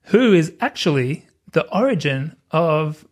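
Chill podcast guy, a touch high-voiced, laughs a lot while chatting movies. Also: big pitch swings, measured pace. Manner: laid-back, chuckling often. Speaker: podcast host. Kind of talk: casual film chat.

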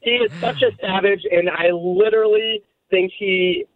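A man calling in to a radio show, excited and rambling about a hockey win. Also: sits high, normal speed, slight background noise. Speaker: caller. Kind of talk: excited call-in chat. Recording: phone line.

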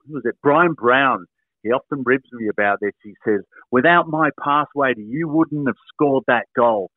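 An older Australian man, once a footballer, recounts his playing days in an animated, anecdotal way. His voice comes through a narrow, tinny radio line. The sound is dry, with no room around it. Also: mid-range voice, no room sound. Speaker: former footballer, guest. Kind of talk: storytelling interview answers.

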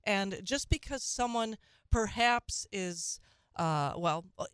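A woman's voice: mid-range voice, lively intonation, takes it slowly, clean tone, no room sound. A woman hosting a call-in talk radio show, speaking conversationally with frequent restarts and asides.

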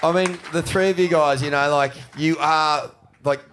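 A man hosting a live panel, crude and jokey, swearing and shouting praise at the crowd. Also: on the high side, fairly even intonation, moderate pace. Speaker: host. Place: live panel at a bowling club in front of an audience. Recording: noisy live club recording.

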